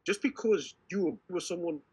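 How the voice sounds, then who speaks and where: A man with a slightly raised, husky voice, co-hosting a podcast. He talks in an earnest, measured way, stacking short repeated phrases to make his point. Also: high-pitched. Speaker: podcast co-host. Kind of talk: casual chat.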